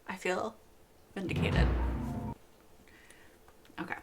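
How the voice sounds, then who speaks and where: A young woman talks through a TV episode she just watched, in a casual, excitable reaction-video style. Her voice is bright and forward, and her speech comes in chatty bursts full of asides. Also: medium pitch, measured pace, long pauses.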